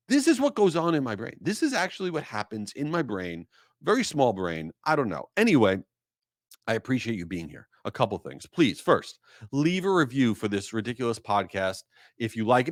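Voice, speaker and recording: A man hosting his own podcast, telling stories in a lively, joking way and jumping to high voices when he quotes people. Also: normal speed, dry recording, clean studio sound. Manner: animated storytelling, high-pitched mock quotes; reads sponsor ad with hype. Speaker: podcast host. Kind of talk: casual solo podcast talk.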